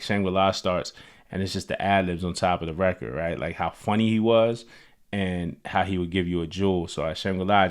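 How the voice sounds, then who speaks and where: Deep-voiced man telling stories casually. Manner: relaxed, lots of "like" and "you know". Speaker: host. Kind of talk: casual storytelling.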